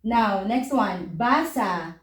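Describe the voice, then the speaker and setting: A woman's voice: medium pitch, expressive, slow, echoey room. A woman teaching an online language lesson, patiently explaining verb forms step by step and checking in with "okay?".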